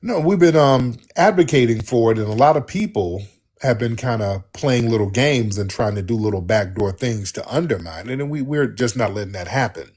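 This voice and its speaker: A man's voice: medium pitch, moderate pace, breathy edge. A man hosting a call-in talk show, talking emphatically and repeating himself as he answers callers. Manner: emphatic, repetitive, animated on-air chatter. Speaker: radio show host taking callers.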